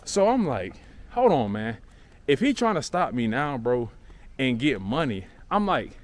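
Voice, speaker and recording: A man's voice: fairly high pitch, normal speed. A young man telling a story in a casual, slangy way, acting out the other people's voices. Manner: animated, acts out voices in quotes, slangy with frequent fillers. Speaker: vlogger.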